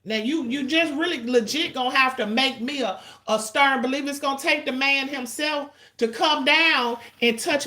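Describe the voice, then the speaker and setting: A woman in her forties hosting a livestream, venting to her chat in a blunt, profane, rapid-fire way and stretching out the lines she wants to stress. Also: sits high, sharp tone. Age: 40s. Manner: drawn-out emphatic lines. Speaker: livestream host. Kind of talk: casual ranting to chat.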